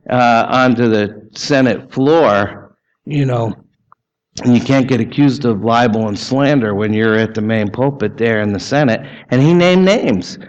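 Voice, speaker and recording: A man, preaching a sermon in a conversational way, asking the congregation questions and adding casual asides. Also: mid-range voice. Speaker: pastor. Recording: dull lo-fi sermon recording.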